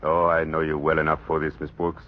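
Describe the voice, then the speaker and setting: A gallant Frenchman, deep voice. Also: monotone, fairly quick. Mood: earnest. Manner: gallant, formal broken English. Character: courtly middle-aged Frenchman, flowery and earnest. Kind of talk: 1940s radio acting. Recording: dull old radio broadcast with faint hiss.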